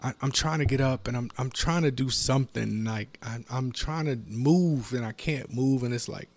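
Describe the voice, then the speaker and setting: A shaken, confused man talks haltingly, repeats himself and often drops into unvoiced whispers as he confides what he is going through. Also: medium pitch, darkish tone. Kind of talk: distressed personal confession.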